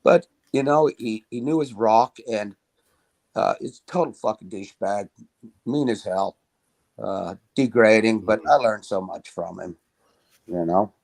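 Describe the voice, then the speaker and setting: A man's voice: fairly low pitch, unhurried, creaky, a little mellow. A man co-hosting a podcast, telling a rambling, profane story full of stammering restarts. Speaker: podcast co-host. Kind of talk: casual chat.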